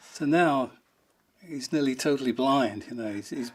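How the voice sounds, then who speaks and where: A man being interviewed, telling funny stories with frequent chuckles and voices for the people in them. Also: medium pitch. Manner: chuckling, animated retelling with acted quotes. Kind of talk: anecdotal storytelling.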